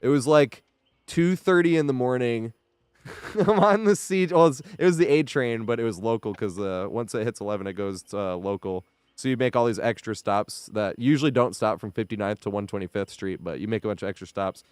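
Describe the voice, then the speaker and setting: A man's voice: medium pitch, brisk, clean tone, no room sound, studio quality. A young man streaming a game, telling rambling stories in casual chat, laughing often and swearing freely. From New York area.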